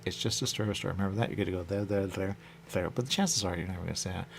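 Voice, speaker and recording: A man's voice: deep voice, very fast, creaky, a little hiss or hum. A man hosting a radio show, musing in a loose, repetitive monologue and returning again and again to the same stock phrases. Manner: loose, repetitive, musing, keeps saying "there you go". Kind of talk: rambling monologue.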